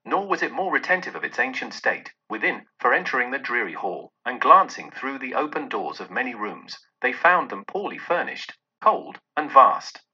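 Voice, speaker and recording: A man reading a classic story aloud in a dramatic, expressive narration. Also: moderate pace, hardly any pauses, husky. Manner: dramatic, with many shifts in pitch and loudness. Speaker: audiobook narrator. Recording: dull lo-fi recording.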